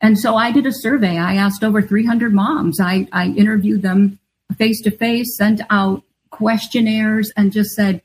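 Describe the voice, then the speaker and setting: A woman's voice: medium pitch, steady tone, moderate pace, breathy edge, low-quality recording. A middle-aged woman, an author and guest, telling a personal story in an earnest, confessional way. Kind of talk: storytelling interview answer.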